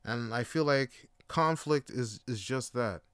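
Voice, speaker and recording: A man's voice: mid-range voice, measured pace, fairly bright tone, clear, resonant tone, no echo, studio quality. A man hosting a podcast, telling stories in a casual, rambling monologue with plenty of swearing and filler words. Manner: rambling and profane, full of fillers. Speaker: podcast host.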